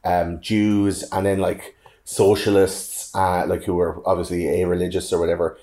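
A man's voice: low-pitched, level tone, moderate pace, warm tone. An Irish man co-hosting a podcast in casual chat, rambling with fillers and restarts. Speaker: podcast co-host.

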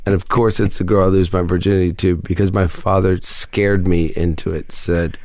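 Deep gravelly guy in his 50s, dry wry rambling chat, dead dry sound. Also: little pitch movement, normal speed, darkish tone, no echo. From Ohio, United States. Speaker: guest musician. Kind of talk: casual interview chat.

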